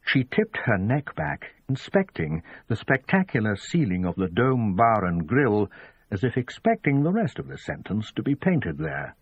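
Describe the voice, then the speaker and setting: A man giving measured, scripted narration of an audiobook, in dull lo-fi audio. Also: fairly low pitch, sing-song, breathy edge, no echo. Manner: measured storytelling.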